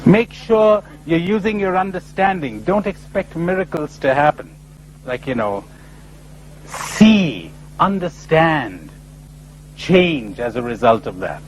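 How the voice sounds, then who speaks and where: A man's voice: on the high side, takes it slowly, a little hiss or hum, poor audio. A man giving a spiritual lecture full of stories, told in a playful, emphatic way. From India. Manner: animated storyteller, playful and emphatic. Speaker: spiritual speaker.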